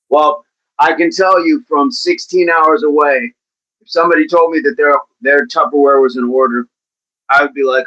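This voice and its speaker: A man's voice: fairly high pitch, steady tone, moderate pace, bright, forceful tone, dull audio. A man hosting a casual livestream, reading out viewers' comments and chatting back to them in a playful way. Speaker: livestream host reading chat.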